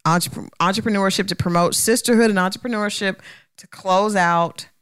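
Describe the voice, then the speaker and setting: A woman's voice: mid-range voice, fairly even intonation, normal speed, clean tone, no room sound, clean studio sound. A woman co-hosting a casual podcast chat. She laughs, sounds exasperated, and stumbles over her words. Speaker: podcast co-host. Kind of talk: casual banter.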